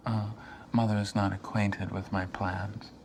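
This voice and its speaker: A restless, brooding young son. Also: male voice, on the low side, little pitch movement, darkish tone, a little hiss or hum. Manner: brooding, halting, bitter. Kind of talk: film drama acting.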